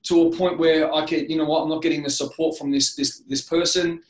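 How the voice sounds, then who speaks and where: An Australian man in midlife talks through his past in an earnest, rambling way, restarting sentences and leaning on "you know". His voice sits a little high for a man. The recording has a roomy echo. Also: little pitch movement, fairly quick. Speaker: interview guest. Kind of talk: candid personal storytelling.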